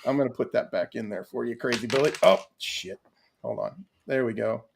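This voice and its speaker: A man co-hosting a casual podcast chat, rambling and excitable, laughing often. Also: mid-range voice, moderate pace, creaky, noisy background. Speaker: podcast co-host.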